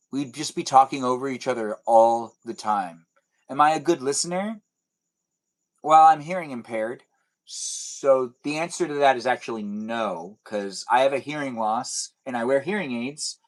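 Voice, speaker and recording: A man's voice: medium pitch, a little slow, poor audio. A young man hosting a casual livestream, chatting and joking in a rambling, self-deprecating way as he answers viewers. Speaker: livestream host. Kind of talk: casual chat reading viewer comments.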